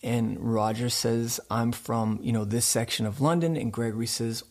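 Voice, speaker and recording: Gravelly American storyteller man. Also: medium pitch, normal speed, hardly any pauses. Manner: animated storyteller. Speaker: show host. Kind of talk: radio interview storytelling.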